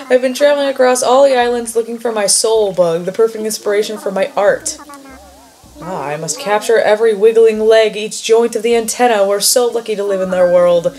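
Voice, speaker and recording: A woman's voice: medium pitch, expressive, normal speed, darkish tone, natural voice. A woman reading aloud the lines of a dreamy male artist obsessed with bugs, in an earnest, wistful, poetic way. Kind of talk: reading game dialogue aloud.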